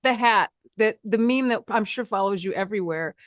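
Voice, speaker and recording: A woman's voice: medium pitch, fairly quick, no room sound, clean studio sound. A woman hosting a podcast, chatting casually and playfully with frequent laughter. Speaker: podcast host. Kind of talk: casual interview chat.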